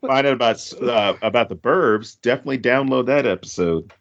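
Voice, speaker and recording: A man co-hosting a podcast, talking through a film in a loose, rambling way. He jokes as he goes and drifts into quick animated asides. The sound is a little dull and lo-fi. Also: mid-range voice, vocal fry. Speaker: podcast co-host. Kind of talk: casual movie discussion.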